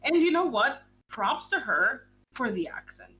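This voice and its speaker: A young woman chats as host of a streamed book club, animated and gushing, with casual swearing. Her pitch leaps and dips all over. A faint hum sits under the recording. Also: measured pace. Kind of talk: casual chat.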